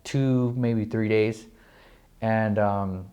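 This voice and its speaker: A young man from New Mexico, a real estate agent, telling his story in a casual interview, excited and profane, filling his talk with "like". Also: on the low side, very slow. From New Mexico, USA. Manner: excited, profane, heavy use of "like".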